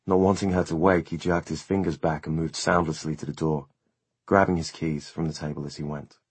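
A man narrating an audiobook in a measured, steady storytelling manner. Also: rumbling low, breathy edge, dry recording. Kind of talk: scripted narration.

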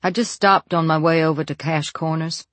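Give a folksy, friendly small-town deputy, as a narrator puts him on, chatting easily and calling out a bit louder than the narration. The sound is dry and close. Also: male voice, fairly high pitch, fairly even intonation, moderate pace, dry recording, close to an everyday voice.

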